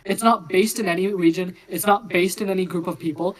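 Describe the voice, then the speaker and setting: A woman explaining a topic in a casual group discussion, lively and chatty with fillers. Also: lowish voice, a little fast, poor audio. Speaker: discussion participant. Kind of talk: casual philosophical chat.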